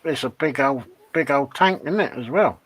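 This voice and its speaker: A man's voice: mid-range voice, moderate pace, a bit bright. A man co-hosting a casual live-stream chat, mostly agreeing in short replies with some stammering restarts. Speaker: co-host.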